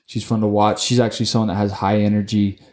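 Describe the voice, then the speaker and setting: A man co-hosting a casual sports podcast, talking excitably, swearing often and tripping over his words. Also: lowish voice, fast. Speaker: podcast co-host.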